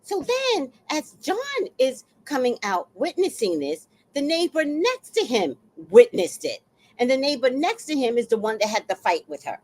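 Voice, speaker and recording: Animated woman telling a wild story. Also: sits high, moderate pace, a little hiss or hum. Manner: animated, blunt and profane, acting out the people in her story. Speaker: vlogger. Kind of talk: casual storytelling monologue.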